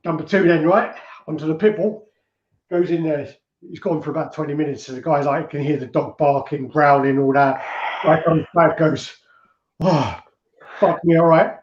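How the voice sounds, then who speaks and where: A man's voice: a little high, steady tone, moderate pace, a little hiss or hum. Male co-host, loose swearing banter, muffled roomy stream sound. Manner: rambling, swearing, joke-telling. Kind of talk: casual livestream chat.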